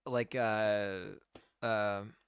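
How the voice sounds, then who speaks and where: Chatty man with a smooth voice. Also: lowish voice, level tone, extremely slow, no echo. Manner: rambling, lots of "like" fillers, trails off quietly. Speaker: podcast co-host. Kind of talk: casual film discussion chat.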